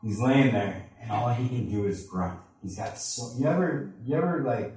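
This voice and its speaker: A man sharing a personal testimony with a live audience, speaking in an earnest, halting way and acting out the voices of the people in his story. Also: mid-range voice, animated, darkish tone. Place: large echoey room with an audience. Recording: echoey hall from far off.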